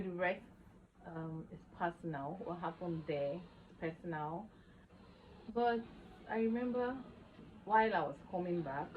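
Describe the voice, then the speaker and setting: Young woman, emotional testimony vlog, expressive storytelling, slightly muffled home recording. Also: on the low side, a little hiss or hum. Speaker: vlogger.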